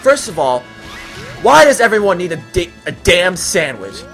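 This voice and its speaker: A man's voice: high voice, sing-song, moderate pace, fairly bright tone, soft background music. A young man from the US East Coast, hosting a let's play with rambling, jokey, easily sidetracked game commentary.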